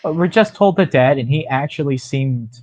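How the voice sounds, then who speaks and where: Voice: medium pitch, animated, moderate pace, a little mellow. A player in a tabletop game, chatty and explaining the rules.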